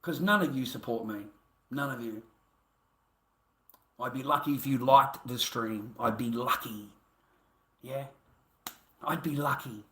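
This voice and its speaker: A man's voice: mid-range voice, a little slow, long pauses, sharp tone, roomy sound. An Australian man livestreaming an angry, profane, combative rant at his viewers.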